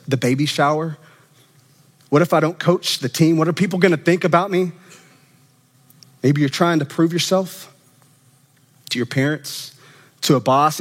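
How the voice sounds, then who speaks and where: High-voiced preacher in a reverberant hall. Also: male voice. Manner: animated, conversational, acts out quoted voices. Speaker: student minister. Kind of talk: sermon. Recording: long reverb of a church hall.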